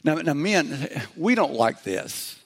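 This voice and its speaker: A middle-aged man preaching a sermon in a conversational way, slipping into quick acted-out voices as he goes. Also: on the high side, very animated, slightly rough. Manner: conversational preaching, acts out little quoted voices. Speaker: pastor.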